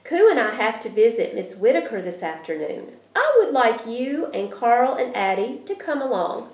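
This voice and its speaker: A woman voicing a calm, wise male friend in a storybook, speaking slowly and gently. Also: fairly high pitch, a little hiss or hum. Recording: roomy echo.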